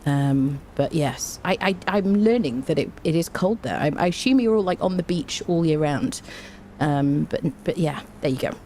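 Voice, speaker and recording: Woman, low pitch, faint background noise, casual livestream chatter, greets viewers. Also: expressive, moderate pace, warm tone. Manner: chatty, greets viewers by name, laughs often. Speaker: game streamer.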